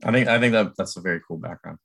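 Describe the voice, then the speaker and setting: A man's voice: sits low, rapid-fire, vocal fry, a bit bright, breathy edge. A man from Canada hosting a casual interview, friendly and rambling, often making fun of himself. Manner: friendly, rambling, self-deprecating.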